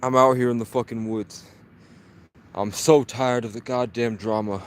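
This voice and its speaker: A man's voice: medium pitch, steady tone, normal speed. A man livestreaming outdoors from the woods on his phone, telling a rambling, profane, agitated story in a casual way. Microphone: phone held at arm's length.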